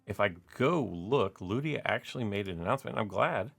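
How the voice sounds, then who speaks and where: A man's voice: fairly low pitch, expressive, a little fast, vocal fry, fairly bright tone, husky. A man giving casual, rambling gameplay commentary as a gaming YouTuber, full of "like" and "uh" fillers.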